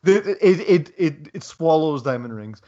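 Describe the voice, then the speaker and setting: A man's voice: on the high side, lively intonation, measured pace, dark tone, highs cut off. A man co-hosting a sports podcast in casual chat, rambling with lots of ums and wry asides. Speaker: podcast co-host.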